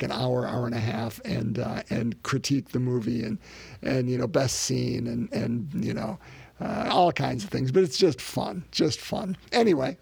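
A husky, raspy male pastor with a gravelly edge gives a sermon in a relaxed, conversational way. His voice sits a little high for a man and sounds dry and close. He often repeats words as he speaks directly to his listeners. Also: dry recording.

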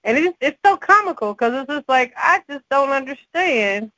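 A woman co-hosting a casual podcast, her voice pitched a little high and set close in a dry, dead-sounding space. She tells her stories with animation and laughter, as a frustrated mother would among friends. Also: lively intonation, normal speed, pushed and bright, no room sound, low-quality recording. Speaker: podcast co-host. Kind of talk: casual chat.

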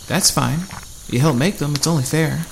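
A man voicing a calm, reasonable male survivor who leads the group. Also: a little high, normal speed, creaky, slight background noise, pitched above the performer's own voice. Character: calm, level-headed male survivor leader.

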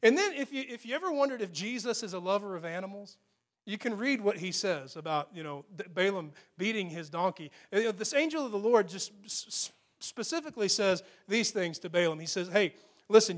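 A man with a notably high voice preaching a sermon. He retells a Bible story like a storyteller, animated and quick to joke. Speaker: pastor.

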